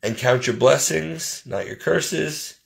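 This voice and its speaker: Gravelly man venting his troubles. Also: fairly high pitch, slow pace. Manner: plain-spoken, exasperated, listing grievances. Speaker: vlogger. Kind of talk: casual personal venting to camera.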